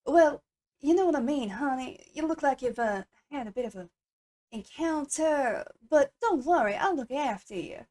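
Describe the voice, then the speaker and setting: A woman's voice: high-pitched, animated, moderate pace, a little mellow, voice pushed up. A woman voicing a sweet, motherly Southern belle in a tabletop game, speaking with a Southern American accent in a drawling, coddling way. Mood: doting.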